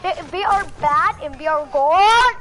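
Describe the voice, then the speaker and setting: Excitable co-player, very high and animated, noisy game audio. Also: measured pace. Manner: excitable, joking, mixes English and Arabic. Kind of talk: casual gaming chat.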